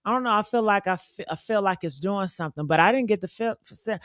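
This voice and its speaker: A trans woman hosts a casual livestream, blunt and sassy, laying down her opinions with heavy emphasis. Her mid-pitched voice sits close and dry, with no room sound around it. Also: fast, dry recording.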